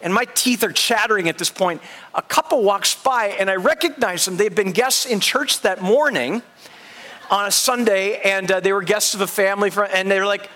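A man, a pastor, telling a personal story in a sermon and acting out his own thoughts with animated energy. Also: high-pitched, moderate pace.

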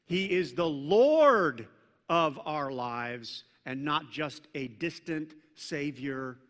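A middle-aged man preaching a sermon as a pastor, telling stories in a playful, animated way and now and then barking out loud mock commands. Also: a little high, takes it slowly. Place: church sanctuary. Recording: long reverb from a large church hall.

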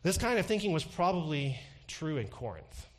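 A pastor preaching a sermon, building to emphatic peaks and then dropping low. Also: male voice, very animated, moderate pace.

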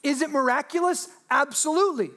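A woman pastor preaching a sermon in a lively, humorous way, asking her listeners rhetorical questions. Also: sits high, brisk.

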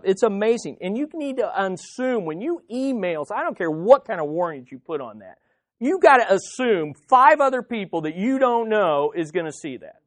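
A man's voice: high voice, no echo. A man preaching an earnest, conversational sermon as pastor, often repeating words as he goes.

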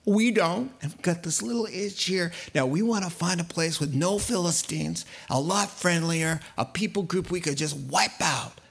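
A man preaching a sermon, telling a Bible story in an animated, playful way. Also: a little high, normal speed, creaky, few pauses, breathy edge. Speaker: pastor.

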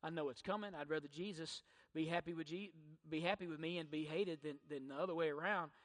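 A man's voice: fairly high pitch, quick pace, fairly bright tone. A middle-aged man preaching a sermon, using emphatic rhetorical questions and repetition. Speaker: pastor. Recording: church hall reverb.

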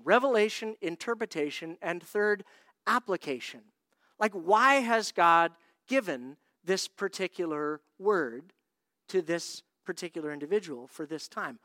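A man's voice: high voice, sharp tone, no echo, studio quality. A man preaching a sermon, telling a story and acting out the people in it. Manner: storytelling, acts out quoted voices. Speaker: pastor.

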